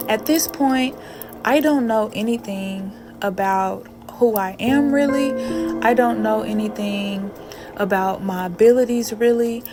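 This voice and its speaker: A woman's voice: fairly high pitch, measured pace. A woman telling a personal spiritual story with emphatic asides to the listener. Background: music.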